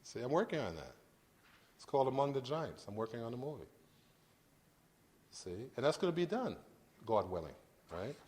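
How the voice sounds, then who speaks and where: A man's voice: medium pitch, sing-song, normal speed, pauses often, a little mellow, slight background noise. A middle-aged man giving an informal university lecture to an audience, talking conversationally with frequent restarts and checks for understanding. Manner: conversational, repeats and restarts, asks "does that make sense". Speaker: guest lecturer.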